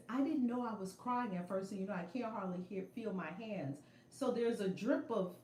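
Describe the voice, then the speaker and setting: A middle-aged woman telling a story on a casual livestream from a room at home, animated and emphatic, repeating her phrases. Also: medium pitch, echoey room, slight background noise. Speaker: spiritual vlogger. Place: home room with altar and shelves. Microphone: phone camera.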